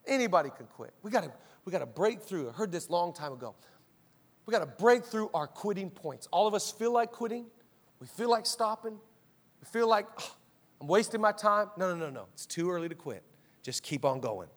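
A male pastor preaching an energetic sermon, telling stories and rousing the congregation with call-outs. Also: high voice, a little fast. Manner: animated storytelling, rousing the church with call-outs. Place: church auditorium.

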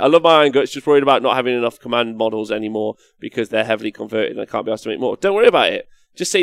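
A young man hosting a casual live stream while painting miniatures, excitable, swearing and reading chat comments aloud. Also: mid-range voice, fast, vocal fry, dry recording. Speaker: livestream host.

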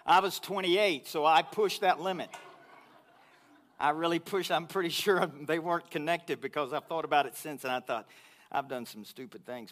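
A man preaching to his congregation, telling a personal story in an animated way that grows loud and high when he gets excited. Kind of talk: sermon storytelling.

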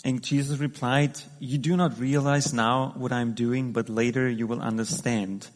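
A man's voice: mid-range voice, little pitch movement, moderate pace, few pauses. A man giving a conversational sermon, talking through the scripture with frequent restarts and fillers. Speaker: preacher. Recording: long hall reverb.

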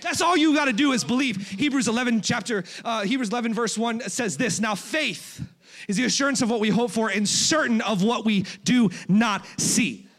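A man preaching a sermon as a guest speaker in a church, joking between passages and building to shouted, rising crescendos. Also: very high-pitched, moderate pace.

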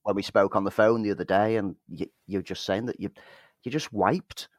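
Man, British accent, chatty storyteller, low pitch, dry close sound. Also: fairly even intonation, a little fast, no echo. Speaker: podcast co-host. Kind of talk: casual chat.

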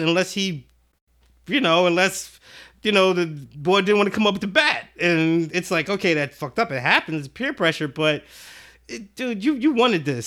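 A man spins a loose, profane story on a casual podcast, slipping in and out of the voices of the people involved. His voice sits a bit high for a man and sounds bright and forceful. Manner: animated, profane storyteller who acts out quotes. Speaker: podcast guest.

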